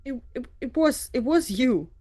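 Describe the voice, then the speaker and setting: A woman's voice: high voice, expressive, unhurried, dark tone. A woman playing a nervous, stammering character in a tabletop role-play game. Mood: flustered.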